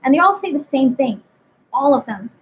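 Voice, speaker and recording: This host leads an informal spiritual discussion, pressing searching questions in a sermonizing way. Her high, animated voice moves a little fast and comes through a thin, phone-like connection with slight noise.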